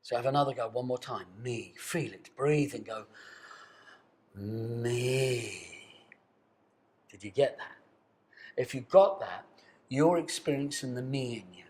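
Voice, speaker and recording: An older man working as a voice coach, seated and leading a guided voice exercise to camera. He coaxes the listener along and swings between soft, hushed asides and bold, sustained tones. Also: mid-range voice, normal speed. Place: seated indoors.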